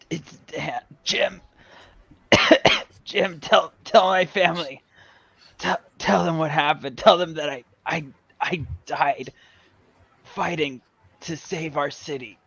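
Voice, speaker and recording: Feeble dying ghost , as a player puts it on, halting pleas, slow and dull-sounding. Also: male voice, a little high, vocal fry, bright, forceful tone, slightly rough, dry recording, exaggerated voice. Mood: pleading. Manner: halting, coughing, stammering whispery pleas. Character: dying male adventurer's ghost, weak and pleading.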